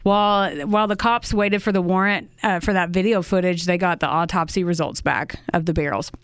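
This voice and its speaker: A woman's voice: on the low side, fairly even intonation, brisk, clean tone, dry recording, clean studio sound. A woman, co-hosting a true crime podcast and recounting a case in a casual, conversational way, with indignant, swearing asides. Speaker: podcast co-host telling a true crime story.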